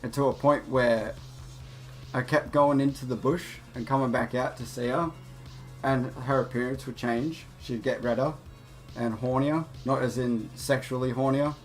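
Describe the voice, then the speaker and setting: A man's voice: medium pitch, fairly even intonation, normal speed, faint music behind. A young man hosting a gaming channel, telling a rambling, profane story with many restarts while he plays. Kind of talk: casual storytelling over gameplay.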